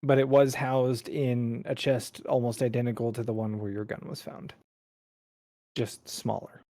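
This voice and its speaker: A man narrating as game master of a tabletop game, relaxed, with frequent ums. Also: medium pitch, a little slow, no room sound, clean studio sound.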